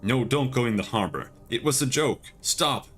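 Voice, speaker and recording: A man's voice: medium pitch, animated, moderate pace, fairly bright tone, voice pushed up, lightly acted. A man reading aloud the lines of a grief-stricken young man who is pleading and sobbing as he relives his sister's death. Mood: anguished. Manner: sobbing, pleading, rising to cries.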